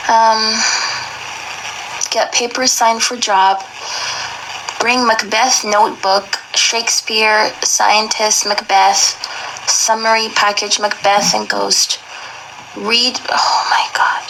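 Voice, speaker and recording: A woman's voice: mid-range voice, little pitch movement, slow, vocal fry, noisy background. A young woman reading aloud and reacting emotionally, with many exclamations and slang.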